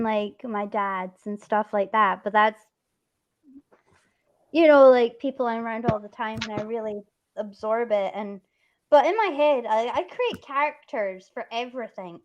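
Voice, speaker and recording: A woman's voice: on the high side, lo-fi sound. A woman with a mixed Scottish and English accent, rambling chattily as she hosts a casual stream chat. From Scotland. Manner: rambling, chatty, quick to laugh. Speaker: stream host.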